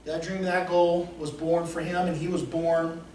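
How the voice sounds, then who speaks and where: A man acting as a motivational coach, telling stories in an emphatic, repetitive way that swings between soft and loud. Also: fairly high pitch, little pitch movement, normal speed. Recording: roomy echo, distant mic, faint noise.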